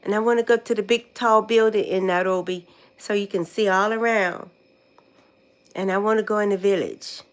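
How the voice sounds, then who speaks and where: A woman's voice: mid-range voice, fairly even intonation, normal speed, clear, resonant tone. An older American woman chatting casually on a livestream. She repeats words to herself while she tries to remember them. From United States. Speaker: vlogger.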